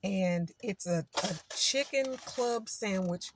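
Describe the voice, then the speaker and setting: A woman's voice: medium pitch, takes it slowly, background noise. Emphatic woman vlogging. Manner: emphatic, repeats words, lecturing then chatty. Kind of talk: casual vlog talk to viewers.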